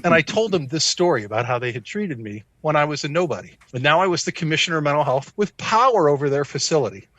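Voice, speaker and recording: American man in his sixties, lively storytelling voice, bright tone, dry close sound. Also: on the high side, fast talker, hardly any pauses, dry recording. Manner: animated, self-deprecating storyteller. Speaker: psychiatrist guest. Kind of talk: conversational storytelling.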